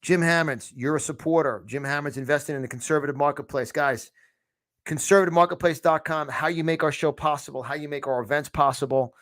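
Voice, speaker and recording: A man's voice: a little high, a little fast, fairly bright tone. A man hosting a political podcast, ranting angrily and mocking as he comments over clips. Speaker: podcast host.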